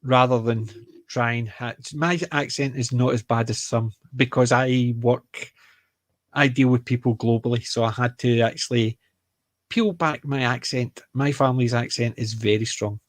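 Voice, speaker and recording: A man's voice: medium pitch, fairly even intonation, normal speed, no echo. A Scottish man with a Glaswegian accent, co-hosting a casual chat, rambling and joking as he restarts his sentences. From Scotland. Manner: rambling, self-correcting, joking. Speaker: podcast co-host.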